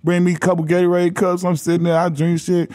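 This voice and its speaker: A man from Los Angeles sits in as a guest and spins casual stories in a notably high voice for a man. He acts out the people in his tales, shifting his voice for each quoted line, and laughs a lot as he talks. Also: quick pace. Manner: animated storyteller who acts out quoted voices, laughing often. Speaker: podcast guest, former basketball player. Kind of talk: casual storytelling chat.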